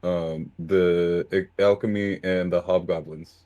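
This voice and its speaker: Deep-voiced laid-back man, tabletop player. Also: steady tone, takes it slowly, mellow, muffled recording. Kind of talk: tabletop role-play talk.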